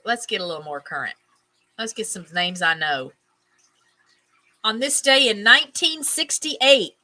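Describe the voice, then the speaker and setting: A woman's voice: mid-range voice, sharp tone, rough recording. A woman hosting a casual stream, reading items aloud, tripping over names, and adding chatty musing asides. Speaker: host.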